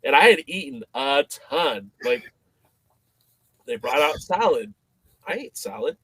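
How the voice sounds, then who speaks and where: A man as a podcast guest, telling a story in a casual, animated way, with many fillers and restarts. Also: fairly high pitch, measured pace, husky, dry recording.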